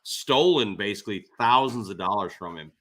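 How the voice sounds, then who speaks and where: A man appearing as a guest on a casual podcast, telling animated anecdotes and laughing often. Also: fairly low pitch, normal speed, slight background noise. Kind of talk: casual storytelling.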